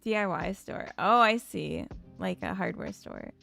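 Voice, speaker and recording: Slow, gravelly-voiced woman streamer. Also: medium pitch, pushed and bright, faint music behind. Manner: unhurried, chats with viewers and reads their comments. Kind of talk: casual chat while coding on stream.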